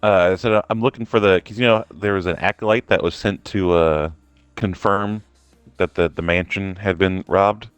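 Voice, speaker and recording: A man's voice: low voice, normal speed, smooth, no room sound, soft background music. A man playing in a tabletop game over a voice call, joking and cursing as he talks in character. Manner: animated, profane, jokey in-character quips. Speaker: player. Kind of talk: casual tabletop role-play chat.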